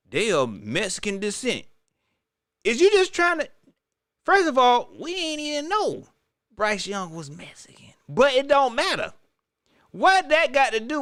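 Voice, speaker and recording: A man's voice: very high-pitched, fairly bright tone, no echo, clean studio sound. A man giving a casual, joking sports rant, incredulous and repeating himself for effect. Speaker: sports commentator.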